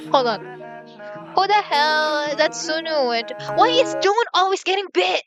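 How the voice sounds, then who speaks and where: A young woman casually reacting to a music video, rambling through excited rhetorical questions and startled yelps. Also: very high voice, normal speed, rough recording.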